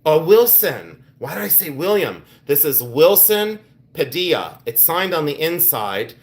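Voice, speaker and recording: A middle-aged man hosting a live jewelry sale stream, talking in quick exclamations as he shows each piece. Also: on the high side, sing-song. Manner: exclamatory, enthusiastic show-and-tell.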